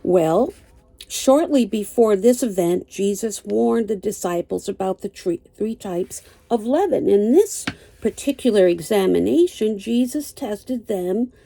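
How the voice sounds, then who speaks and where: An older woman teaching a Bible lesson, reading slowly and deliberately and citing chapter and verse. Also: fairly high pitch, vocal fry, warm tone, dry recording.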